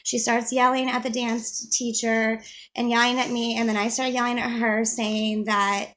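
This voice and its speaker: A woman with a fairly high voice tells a personal story straight to the camera in casual vlog style. She rambles, piles up fillers and restarts her sentences, and stays upset throughout. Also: level tone, moderate pace, fairly bright tone. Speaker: mother telling her story.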